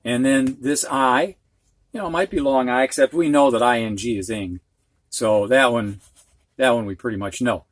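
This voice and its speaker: A man's voice: medium pitch, normal speed, dry recording. A man teaching a recorded reading lesson, patiently breaking long words into syllables and giving example sentences.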